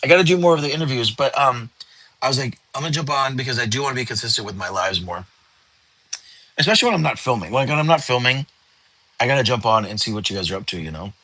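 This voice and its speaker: A man's voice: medium pitch, lively intonation, fast talker, sharp tone, no echo, rough recording. A middle-aged man hosting a casual livestream from his bedroom, tired and yawning, rambling and answering chat comments. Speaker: livestream host.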